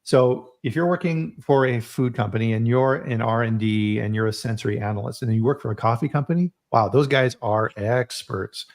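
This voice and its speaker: A man hosting a casual live-stream talk, telling stories in an animated way, often restarting and repeating words. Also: medium pitch, moderate pace, hardly any pauses. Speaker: host.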